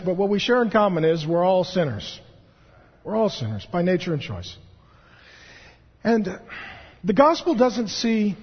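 A man in his thirties preaching a sermon as a pastor, animated and joking as he tells stories. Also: sits high, husky. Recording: dull, echoey hall recording.

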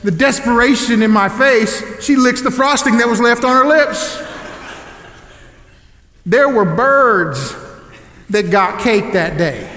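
A man in his thirties preaching a sermon in a church, telling a personal story and moving from loud to hushed delivery. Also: sits high, slight background noise. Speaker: pastor. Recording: echoey hall with long reverb.

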